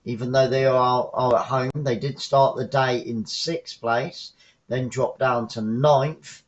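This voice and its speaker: A man from the south coast of England with a Southern English accent, giving chatty live football commentary as a fan, shouting on goals. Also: medium pitch, steady tone, slow, dull audio.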